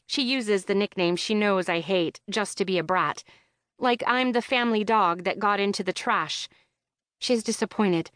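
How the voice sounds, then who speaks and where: A woman's voice: medium pitch, normal speed, smooth, no echo, clean studio sound. A woman narrating a rom-com audiobook in the first person, with a wry, comic delivery, recorded in a booth.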